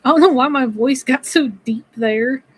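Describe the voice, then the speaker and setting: A woman's voice: sits high, normal speed, husky, low-quality recording. A woman streaming a video game, talking to her chat in a frustrated, swearing manner. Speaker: gaming streamer. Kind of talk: casual gameplay commentary.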